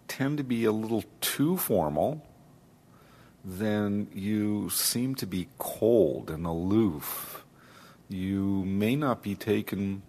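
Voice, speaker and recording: A man giving a lesson on speech, speaking slowly and deliberately. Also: low-pitched, a little hiss or hum. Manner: slow, deliberate, demonstrates voice placement. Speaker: accent teacher. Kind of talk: lecture.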